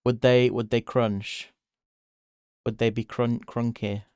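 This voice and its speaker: A streamer sketches live while chatting casually, laughing often, cursing freely and occasionally jumping to excited, high squeals. He talks without hurry in a smooth, clear voice. The sound is dry and close-miked, with no echo.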